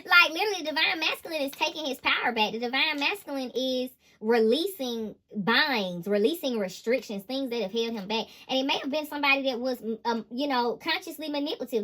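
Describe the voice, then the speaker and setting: A woman giving a tarot reading, talking in an animated, emphatic, slangy way and laughing often. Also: high-pitched, quick pace, hardly any pauses. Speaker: intuitive tarot reader.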